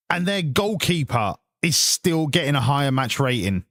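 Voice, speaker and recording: Guy ranting and swearing at his football game, kinda high voice, pitch all over the place. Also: big pitch swings, normal speed, a bit bright, a little hiss or hum. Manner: ranting, swearing, exasperated outbursts. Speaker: gamer playing a football management game. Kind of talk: live gameplay commentary.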